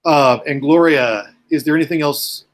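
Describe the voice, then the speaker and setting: Man, game master, tabletop game, rambling, filler-heavy, slightly high voice. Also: moderate pace. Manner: rambling, many ums and uhs.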